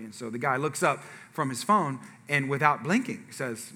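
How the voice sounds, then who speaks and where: A man's voice: medium pitch, brisk, hardly any pauses, in a large hall, slight background noise. A man preaching as a pastor, telling a humorous personal story to his congregation, acting out what people said and asking the audience questions. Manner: animated storyteller, acts out quotes, asks audience.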